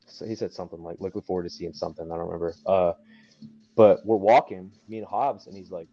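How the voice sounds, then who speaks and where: A young man, a wrestler guest, telling stories casually and animatedly, laughing often and acting out others' lines in a high voice. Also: fast talker. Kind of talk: casual storytelling. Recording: dull lo-fi podcast audio.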